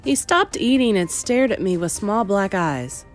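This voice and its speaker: A woman narrating a children's novel read-aloud in an expressive storytelling manner. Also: mid-range voice, measured pace, soft background music.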